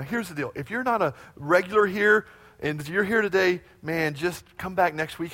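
Male pastor, fairly high voice, lively sermon delivery that asks the congregation to repeat lines after him.

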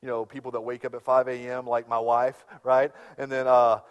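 A middle-aged man preaching a sermon as a pastor, telling stories with big swings from hushed to loud. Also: medium pitch, little pitch movement, moderate pace, smooth, muffled recording. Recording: long hall reverb.

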